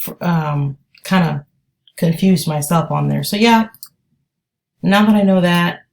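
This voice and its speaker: A woman's voice: lowish voice, measured pace, creaky, darkish tone. A woman day trader giving live trading commentary, thinking aloud and hesitant as she talks.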